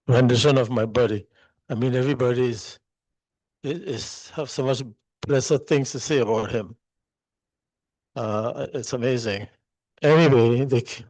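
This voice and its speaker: A man's voice: medium pitch, darkish tone, no room sound, rough recording. Older man rambling through a eulogy. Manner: rambling and anecdotal, with many fillers. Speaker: former co-worker. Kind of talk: memorial eulogy.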